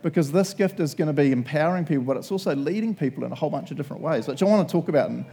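A man's voice: fairly high pitch, animated, very fast, mellow, slight background noise. A young man preaching a casual sermon, chatty and laughing often, acting out little quotes.

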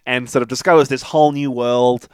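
A man's voice: mid-range voice, steady tone, brisk, clear, resonant tone, no echo. Aussie guy on a podcast recapping a movie, keeps saying yeah, mid voice, dry mic. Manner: agreeable, lots of yeahs, summarises plot. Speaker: podcast co-host. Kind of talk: casual film review chat.

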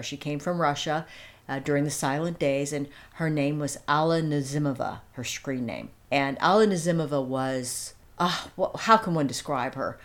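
A woman telling a story in casual conversation as an interview guest. She rambles, restarts sentences and adds asides, and turns animated and amused at times. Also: low voice.

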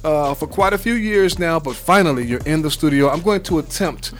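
A man's voice: fairly high pitch, brisk, faint music behind. A man with a New York accent hosting a gospel radio program, chatting casually and teasing his guest, with plenty of fillers. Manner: playful, teasing, hesitant with fillers. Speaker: radio show host. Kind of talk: casual interview chat.

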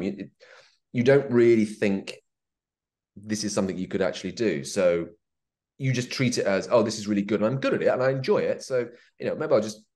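A middle-aged actor chatting in an interview, playful and self-mocking, dropping into quick put-on voices. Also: male voice, on the low side, darkish tone. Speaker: actor guest. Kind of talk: casual interview chat.

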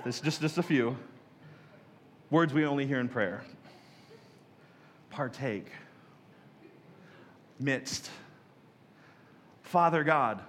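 A man's voice: on the high side, fairly bright tone, in a large hall. A man preaching a sermon as a pastor, casual and joking, who acts out other people's prayers in mock voices.

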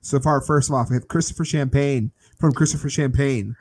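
A man with a husky, breathy voice co-hosts a podcast. He keeps it casual and joking, and reads out a list of names. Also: medium pitch, steady tone, fairly quick, a little mellow. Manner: laughs easily, reads out names. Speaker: podcast co-host. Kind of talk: casual chat.

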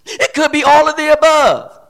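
Animated preaching man, high lively voice. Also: normal speed, creaky. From Flint, Michigan. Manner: animated preaching, repeating phrases, rising to shouts. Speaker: pastor. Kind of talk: sermon.

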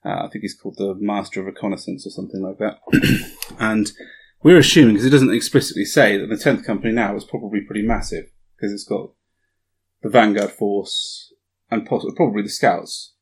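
Man, husky, somewhat low, enthusiastic, casual hobby chat. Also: a little fast. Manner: enthusiastic, repeats himself. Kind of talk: casual chat about tabletop wargaming.

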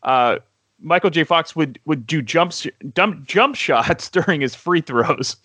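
A man's voice: a little high, lively intonation, measured pace, sharp tone, husky, dry recording. A man chatting casually about a movie, agreeing and laughing along. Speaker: podcast co-host.

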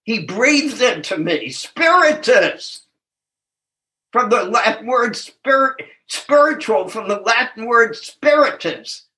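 A man's voice: high voice, expressive, measured pace, sharp tone. An older man in his seventies giving a reflective, earnest personal recovery testimony, chuckling at himself and stressing key words. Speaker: speaker sharing at a recovery meeting.

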